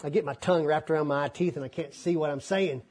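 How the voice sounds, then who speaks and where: Male preacher, fairly high husky voice, folksy and animated, acts out scripture. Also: fast talker. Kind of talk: sermon.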